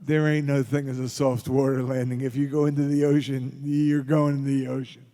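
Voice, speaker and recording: A man's voice: medium pitch, level tone, moderate pace, warm tone. A man from Philadelphia telling rambling, joking anecdotes as a guest at a convention panel Q&A. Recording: reverberant convention hall.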